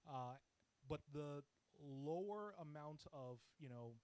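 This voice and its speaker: A man's voice: on the high side, lively intonation, slow, darkish tone, no echo, poor audio. A man speaking to a congregation about finances in a conversational way, often checking in with the audience. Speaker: church seminar speaker. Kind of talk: practical finance talk to a congregation.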